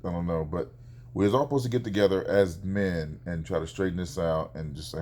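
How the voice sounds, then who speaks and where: Animated man retelling a neighbor dispute. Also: sits low, fairly quick. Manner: animated, acts out quoted exchanges. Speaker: father telling a neighbor story. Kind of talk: casual vlog storytelling.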